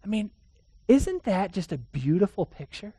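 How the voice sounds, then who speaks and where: A man preaching a sermon, telling stories earnestly, swinging between emphatic declarations and hushed, quiet passages. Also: sits high, very animated, normal speed, slightly rough, no echo. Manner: earnest storytelling with emphatic rises and hushed drops.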